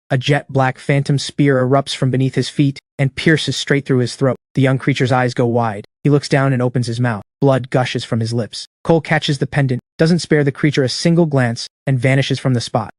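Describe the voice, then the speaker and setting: A male narrator reading a story recap in a steady, measured way. His voice sits at an ordinary middle pitch, and the recording is dry and close with no room around it. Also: no room sound. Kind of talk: scripted narration.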